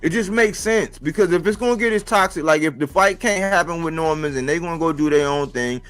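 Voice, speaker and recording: Male boxing streamer, slightly high voice, casual slangy rant, repeats lines for emphasis, soft music underneath. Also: a little fast. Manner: animated, rhetorical, slangy, repeats phrases. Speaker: boxing commentator. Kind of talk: casual boxing talk monologue. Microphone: live-stream mic.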